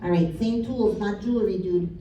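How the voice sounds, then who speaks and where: A woman medium with a mid-range, mellow voice and normal pacing passes on spirit messages live, blunt and casual, swearing and laughing. The recording, made from a distance in an echoey room, carries a little hiss or hum.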